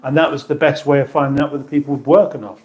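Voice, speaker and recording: A man's voice: on the high side, fairly even intonation, racing, darkish tone. A middle-aged British man hosting a casual livestream, chatting in a rambling, self-mocking way and reading out viewer comments. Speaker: livestream host.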